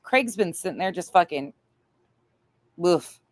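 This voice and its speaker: Brief: deep-pitched woman host, blunt and cursing, scornful reactions, dry close mic. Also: lively intonation, a little slow, no room sound. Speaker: commentary channel host. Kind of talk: reaction commentary on a played clip.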